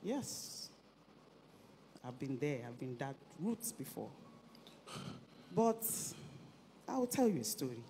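Man acting soothing consoler, quiet reassuring voice, lively pitch, hall reverb. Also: slow, pauses often, slight background noise. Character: calm older man, consoling a heartbroken stranger.

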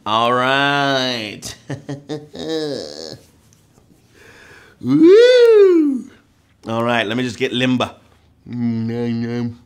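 A man hosting a live trivia game show, playful and joking, with loud whoops. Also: mid-range voice, flat delivery, slow, clean tone.

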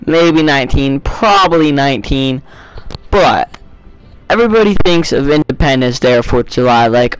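A young man giving casual, jokey commentary while playing a video game, breaking into excited yelps. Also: mid-range voice, moderate pace, clean tone, no echo, poor audio. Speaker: gaming video creator.

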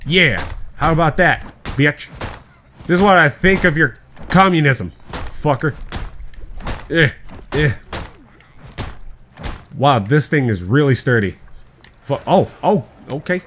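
Brief: young male let's-player, rude and rambling banter, a bit higher voice, faint background hum. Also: expressive, slow pace, pauses often, fairly bright tone. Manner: crude, joking, rambling, swears a lot. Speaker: gameplay YouTuber. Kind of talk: casual gameplay commentary.

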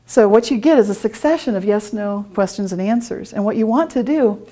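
A woman's voice: mid-range voice, a little fast, warm tone. A middle-aged woman giving a conference talk, telling personal stories with frequent laughter and acting out her own thoughts. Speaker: conference speaker. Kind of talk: storytelling presentation. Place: conference room.

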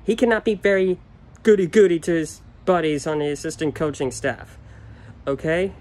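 A young man in a solo rant, upset and frustrated, his voice sitting a little high. He repeats himself and swears as he vents. The talk is off the cuff, a casual video to the camera. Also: fairly even intonation, normal speed, darkish tone. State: upset and furious. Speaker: sports fan ranting on video.

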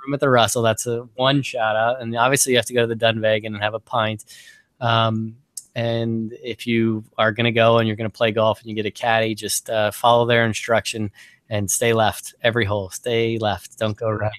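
A man's voice: lowish voice, little pitch movement, a little fast, a bit bright, no echo. Chatty male podcast host, dry sound. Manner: chatty, rambling with fillers. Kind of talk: casual interview chat.

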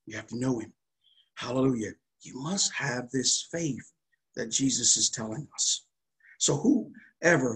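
Husky-voiced man preaching fervently. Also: medium pitch. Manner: fervent preaching with call-and-response and hallelujahs. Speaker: pastor. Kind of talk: sermon.

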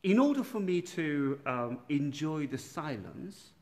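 A man, a priest, giving an informal night prayer talk in a gentle, halting way, with many pauses and restarts, recorded without a proper microphone. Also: on the high side, big pitch swings. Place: dark church room by candlelight. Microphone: no external microphone, built-in device mic. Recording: poor sound quality without microphone.

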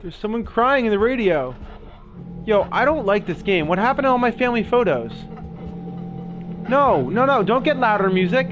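A young male video host with a voice that sits high uses lively intonation at normal speed and pauses often. He is playing a horror game, scared and swearing, and talks to viewers. Music plays in the background.

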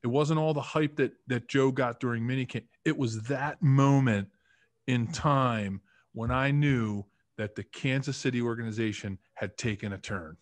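A man's voice: mid-range voice, normal speed, no echo. A man in his fifties from the Philadelphia area, a former football lineman chatting as a podcast guest, telling stories with lots of acted-out quotes and fillers. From Philadelphia area, United States. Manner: chatty, animated storyteller acting out quotes. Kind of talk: casual storytelling interview.

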